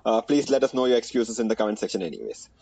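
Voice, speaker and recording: A man's voice: fairly low pitch, lively intonation, very fast, gravelly, warm tone, husky, no echo, low-quality recording. A man with an Indian accent hosting a casual basketball podcast, joking around and often restarting his sentences. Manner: playful, rhyming intro, frequent restarts. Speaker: podcast host.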